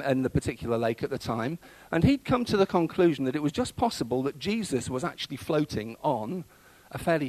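A man's voice: a little high, dry recording, rough recording. A man preaching a sermon in a conversational way, with frequent fillers and restarts.

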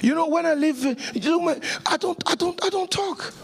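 A man preaching a sermon with passion, repeating phrases, stammering through restarts and rising to shouts. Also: very high voice, normal speed, creaky.

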